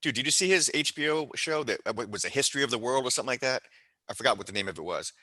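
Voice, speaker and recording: A man hosting a casual podcast, telling a brash story quickly. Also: medium pitch, expressive, sharp tone, no room sound. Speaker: podcast host.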